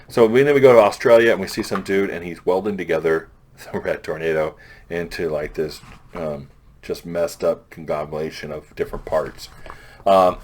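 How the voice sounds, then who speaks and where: Low-voiced man rambling through a comic recap. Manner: loose, rambling plot recap with frequent restarts; paraphrases characters in a plain offhand voice. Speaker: comic book reviewer. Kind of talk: casual chat.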